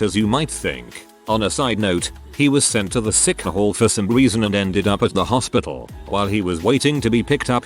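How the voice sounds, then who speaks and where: A man narrating online posts aloud in an even, matter-of-fact reading style. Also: fairly low pitch.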